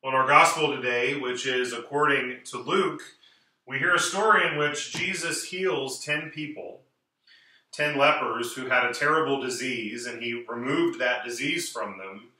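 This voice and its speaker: Bright-voiced priest in an echoing church. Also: male voice, mid-range voice. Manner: measured, clear liturgical reading with slow emphatic pauses. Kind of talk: reading scripture and preaching a homily. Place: large church. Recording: echoey church, voice from far off.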